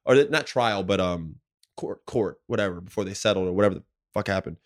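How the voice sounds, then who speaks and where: A man's voice: low-pitched, a little fast. Man telling an emotional story, slangy. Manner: emotional storytelling, slangy and profane, full of "like" and "bro". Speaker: podcast co-host, former pro basketball player. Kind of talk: casual podcast chat.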